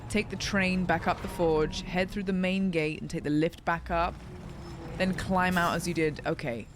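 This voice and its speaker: A woman's voice: lowish voice, steady tone, moderate pace, background noise. Chatty woman narrating her gameplay. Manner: chatty, thinks aloud, self-deprecating. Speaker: gaming streamer. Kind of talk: casual let's-play commentary.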